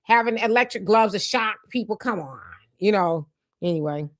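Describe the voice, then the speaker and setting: A woman's voice: mid-range voice, lively intonation, moderate pace. A woman hosts a casual livestream and works through viewer comments one by one. She is emphatic and conversational, and she often checks in with the audience through rhetorical questions. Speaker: livestream host.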